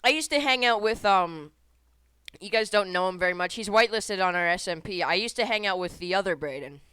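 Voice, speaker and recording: A woman's voice: medium pitch, animated, a little fast, a bit bright, clear, resonant tone, dry recording. Swearing, rambling young woman telling stories. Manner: rambling, swears often, laughs mid-story. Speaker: podcast co-host. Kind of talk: casual storytelling chat.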